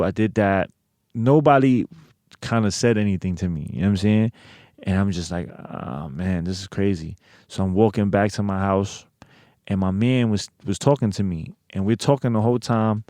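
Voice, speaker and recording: A man's voice: lowish voice, moderate pace, mellow, dry recording. A man telling a personal story in a casual interview, swearing a lot and leaning on filler phrases. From United States. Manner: profane, streetwise, lots of filler phrases. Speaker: interview guest.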